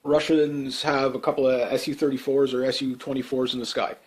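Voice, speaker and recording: A man's voice: medium pitch, little pitch movement, brisk. A man giving off-the-cuff political commentary, blunt and emphatic, rambling with many fillers and restarts.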